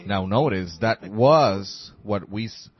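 A man preaching a sermon slowly and emphatically, repeating key phrases. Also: fairly low pitch. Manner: slow emphatic preaching with repetition. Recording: dull lo-fi sermon recording.

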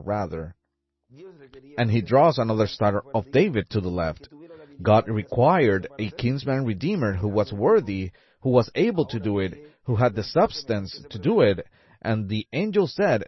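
Male preacher, animated sermon delivery, dull old recording. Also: fairly low pitch. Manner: fervent, rising exclamations, drawn-out emphasis.

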